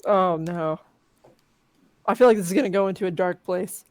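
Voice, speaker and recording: A woman's voice: lowish voice, normal speed, darkish tone, dry recording. A woman co-hosting a game stream, reading out the story text with joking asides. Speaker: co-host. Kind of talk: playing a text adventure game. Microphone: desk microphone at home.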